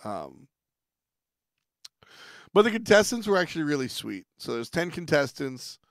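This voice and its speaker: A man's voice: on the high side, very animated, a little slow, no echo, studio quality. A man hosting a livestream in casual chat, rambling, restarting sentences and laughing between thoughts. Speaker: stream host.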